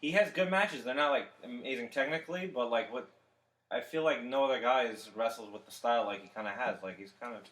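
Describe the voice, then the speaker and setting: Animated young man in an echoey room. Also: medium pitch, brisk. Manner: animated, swears, jumps in excitedly. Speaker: podcast co-host. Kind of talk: casual wrestling chat.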